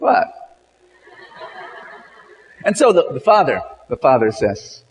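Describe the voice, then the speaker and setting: Slow, husky storytelling man. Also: medium pitch, very animated, in a large hall, poor audio. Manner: dramatic, repeats words, many "you know"s. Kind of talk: sermon storytelling.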